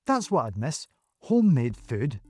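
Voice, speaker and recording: A man's voice: medium pitch, big pitch swings, unhurried, a little mellow, husky. A man voicing an eager, talkative man who is passionate about home cooking and speaks emphatically. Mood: emphatic. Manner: insistent, emphatic.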